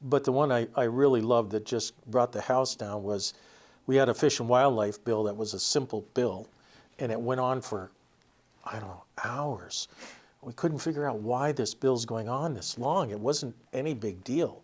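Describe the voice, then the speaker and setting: A middle-aged man with a Vermont accent talks as a guest author. He tells anecdotes about an old friend in a casual, storytelling way and chuckles here and there. His pitch sits in the middle range for a man. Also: moderate pace. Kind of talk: casual interview chat.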